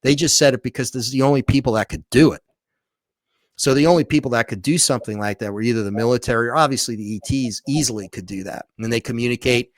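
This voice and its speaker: Here the pace is quick and the pitch medium, in a dry recording with clean studio sound. The speaker, a man who makes documentaries and writes books, guests on a podcast and tells a story animatedly, with frequent restarts and repeats.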